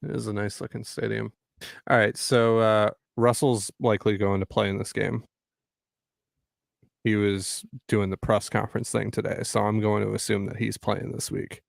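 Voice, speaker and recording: A man's voice: on the low side, flat delivery, normal speed, creaky, no echo, clean studio sound. A man co-hosting a livestream sports podcast, talking in playful, joking banter. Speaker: podcast co-host. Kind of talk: casual livestream sports chat.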